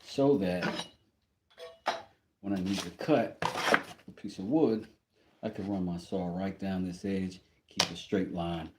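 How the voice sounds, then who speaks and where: A man's voice: low voice, fairly even intonation, slow, pauses often, heavy background noise. A man chatting casually on a livestream as he does woodworking, joking and greeting viewers. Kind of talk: casual livestream chat while working. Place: workshop.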